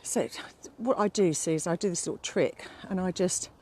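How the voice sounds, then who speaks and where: A woman's voice: lowish voice, normal speed, a little mellow. A middle-aged woman, a fitness instructor rambling in a casual vlog outdoors, out of breath while walking up a steep hill with her phone. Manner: chatty, rambling, fond with her dog.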